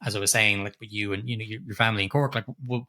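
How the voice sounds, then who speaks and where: A man's voice: lowish voice, fairly even intonation, racing, bright, forceful tone. A middle-aged man co-hosting a podcast, chatting casually about a film and rambling with lots of restarts and casual swearing. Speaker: podcast co-host. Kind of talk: casual film review chat.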